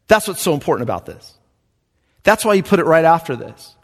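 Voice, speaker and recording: Male pastor, fairly high voice, emphatic expository preaching, long hall reverb. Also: normal speed, long pauses. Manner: emphatic, lively preacher with soft chuckles. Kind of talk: expository sermon.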